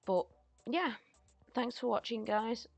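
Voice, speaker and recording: A young woman giving chatty, excitable commentary as a gaming YouTuber. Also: a little high, takes it slowly, vocal fry, breathy edge, no room sound, faint music behind.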